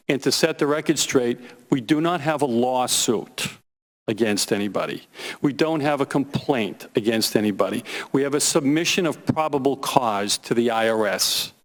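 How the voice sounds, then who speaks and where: A man giving prepared testimony as a witness at a congressional hearing, deliberate and emphatic, repeating key phrases. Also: mid-range voice. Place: large hearing room. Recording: reverberant hearing room.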